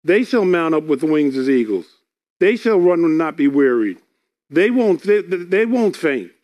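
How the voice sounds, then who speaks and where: A man's voice: on the high side, big pitch swings, unhurried, darkish tone. A man preaching a sermon, reading scripture aloud and explaining it earnestly, often repeating words.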